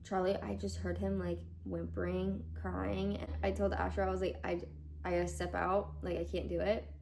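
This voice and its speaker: A woman's voice: fairly low pitch, level tone, normal speed, vocal fry, noisy background. A young woman vlogger recounting a hard personal story, chatty with lots of fillers, her voice rising as she nears tears.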